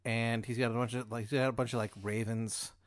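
A man of middle pitch lays out an absurd hypothetical for his guest, step by step and deadpan. His voice sits close and dry on the mic, with no room sound. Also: a little fast, dry recording. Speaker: podcast host posing hypotheticals. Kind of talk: casual comedic storytelling.

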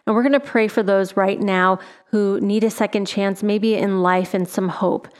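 A woman's voice: mid-range voice, fairly even intonation, moderate pace. A woman hosting a radio talk show, supportive as she thanks the guest and gives closing announcements.

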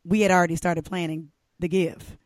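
A man's voice: high-pitched, level tone, moderate pace, no room sound. A man hosting a casual interview, mostly offering brief affirming interjections. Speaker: host.

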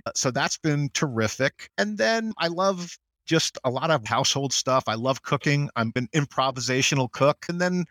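A middle-aged American man, a general counsel as interview guest, talking in an animated way and acting out quotes. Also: normal speed, hardly any pauses, no room sound, clean studio sound. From United States. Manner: animated storyteller, acts out quotes in higher voice. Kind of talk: conversational interview.

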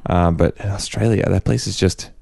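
A man's voice: low voice, steady tone, normal speed, vocal fry, darkish tone. A young man in casual podcast chat, laid-back with dry jokes. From Canada.

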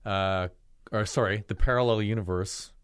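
Steady, clear and resonant, this man's lowish voice moves at a moderate pace in a clean studio recording with no room sound. He's a podcast co-host casually reviewing his film pick, rambling with plenty of fillers and restarts.

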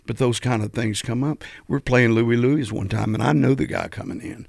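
A man, a veteran musician telling animated stories and preaching about the music business in a podcast interview. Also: mid-range voice, moderate pace, creaky, dry recording, clean studio sound. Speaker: guest musician.

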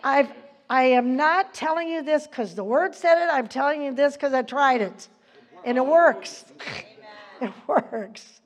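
Older lady teaching the bible, talky and upbeat, quotes verses, pitch a bit high. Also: expressive, measured pace. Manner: chatty, laughs often, quotes scripture.

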